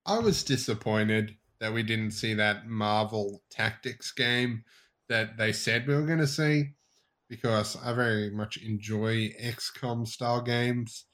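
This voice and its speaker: A man's voice: mid-range voice, slow, a bit bright. A man hosting a casual podcast, blunt and joking, with frequent swearing. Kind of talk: casual chat.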